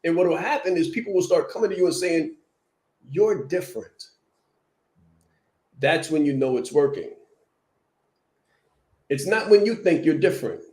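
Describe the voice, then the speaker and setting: A man's voice: on the high side, a little mellow, reverberant. A man hosting a podcast as a brand coach, giving a motivational talk and repeating key lines for emphasis.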